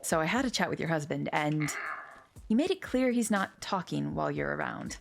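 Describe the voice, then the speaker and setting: A woman voicing a dim-witted male cat detective in a noir story game, with a dry, flat delivery. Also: deep voice, normal speed, creaky, a little hiss or hum, exaggerated voice. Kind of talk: reading a story game aloud.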